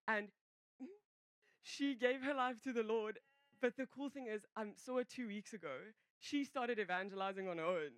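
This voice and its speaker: With a slightly high voice and a slightly quick pace, a church member tells her personal story to the congregation, with no echo in the recording. Her telling wanders, she keeps cutting herself off, and fillers are everywhere.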